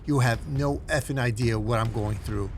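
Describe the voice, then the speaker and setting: A man's voice: medium pitch, moderate pace, slight background noise, close to an everyday voice. A man voicing Bruce Wayne, a grim hero who talks cold and clipped.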